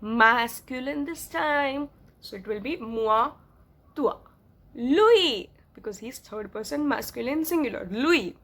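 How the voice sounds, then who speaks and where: Teacher, female, slightly high voice, patient explainer who checks in often. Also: lively intonation, takes it slowly, a bit bright. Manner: repeats examples and checks understanding often. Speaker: French teacher. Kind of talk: explaining a grammar lesson.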